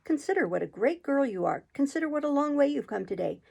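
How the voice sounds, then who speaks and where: A woman voicing a fussy, flustered old queen in a storybook read-aloud, talking emphatically and now and then rising high. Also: very animated, fast talker, gravelly, warm tone, full character voice.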